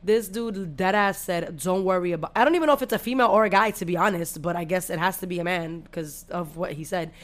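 Her voice is fairly low, and she barely pauses as she races along. This young adult podcast host tells a story in casual, swear-filled chat, animated throughout.

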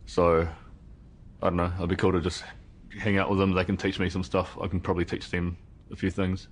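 A man's voice: sits low, completely flat delivery, fairly quick. An actor playing a young man who is unsure whether his old vampire housemates accept him. He talks hesitantly in a film scene. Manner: hesitant, mumbling.

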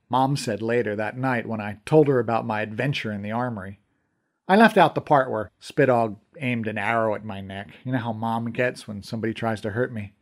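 A man narrating his own podcast novel in a measured storytelling manner. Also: lowish voice. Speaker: narrator and author. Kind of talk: scripted audiobook narration.

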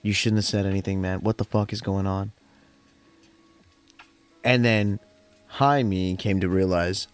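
A man's voice: low voice, fairly even intonation, measured pace, long pauses, smooth. A young man hosting a podcast, telling a long story in a rambling, chatty way with plenty of swearing. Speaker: podcast host. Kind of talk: casual storytelling. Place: at home during a smoke session. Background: faint lo-fi jazz hop music.

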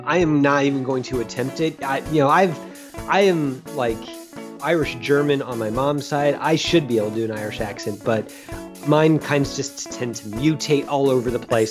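A man hosting a film podcast, chatting casually with many restarts and asides. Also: medium pitch. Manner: relaxed, rambling with restarts. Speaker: podcast host.

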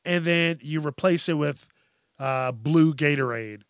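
A man's voice: fairly high pitch, unhurried, smooth, no echo, clean studio sound. A man hosting a podcast, ranting bluntly and with heavy profanity, laughing often as he goes. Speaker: podcast host. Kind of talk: casual comedic rant.

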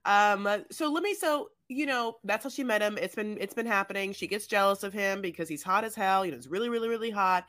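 A woman's voice: mid-range voice, fast, hardly any pauses, a bit bright. A woman co-hosting a podcast, recapping in a chatty, hedging way with plenty of "you know" and "like". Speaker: podcast co-host. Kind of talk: casual recap chat.

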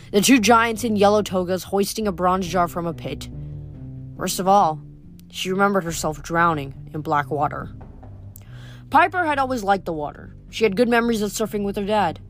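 A woman reading a novel aloud in a steady storytelling voice, stumbling over a word now and then. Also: fairly low pitch. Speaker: audiobook reader.

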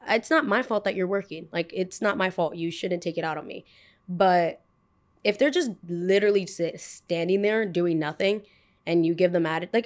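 A woman in her twenties, a podcast host telling a story in a casual, animated way, full of "like" and "I was like.". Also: medium pitch. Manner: animated, fills speech with "like" and "I was like".

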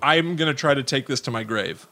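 A man's voice: mid-range voice, animated, fast talker, pushed and bright, no echo. A man co-hosting a podcast, chatting casually in a rambling way, full of "like" and restarts. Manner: rambling, many likes and restarts. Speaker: podcast co-host. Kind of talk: casual chat.

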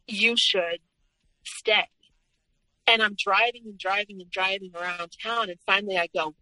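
A young adult woman recounts her own story as a podcast guest, earnest and steady, often in the present tense. Her voice is bright and forceful. The recording is close and dry, with no room sound. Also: medium pitch, no echo, low-quality recording. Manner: earnest, retelling past events in present tense. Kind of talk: personal story told in conversation.

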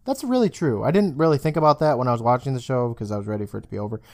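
A man's voice: medium pitch, very fast. A man co-hosting a podcast, casually recapping a TV episode, swearing often and acting out the characters' lines. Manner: animated, swears often, acts out quoted lines. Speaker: podcast co-host.

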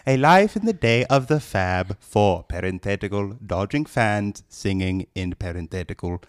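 A man putting on a stuffy British voice with a fake British accent to read out slowly and grandly. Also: fairly low pitch, lively intonation, clean tone, dry recording, clean studio sound, lightly acted. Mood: pompous. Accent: put-on British.

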